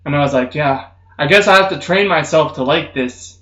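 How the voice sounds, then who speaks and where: A young man streaming, telling rambling comedic stories in casual chat, swearing constantly and saying "dude" a lot. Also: fairly quick. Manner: does loud high-pitched mocking voices in stories. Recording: roomy, slightly muffled stream audio.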